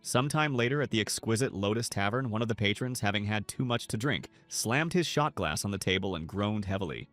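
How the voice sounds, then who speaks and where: Low-voiced male story narrator. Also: a little fast, hardly any pauses. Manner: steady storytelling. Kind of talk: scripted story recap narration. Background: soft music.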